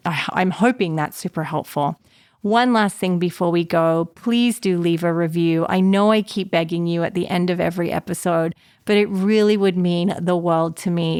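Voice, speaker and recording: Fast-talking enthusiastic woman podcast host. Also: on the low side, a little mellow, clean tone, dry recording, clean studio sound. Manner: fast, passionate, encouraging. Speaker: podcast host and anxiety therapist. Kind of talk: casual solo podcast talk.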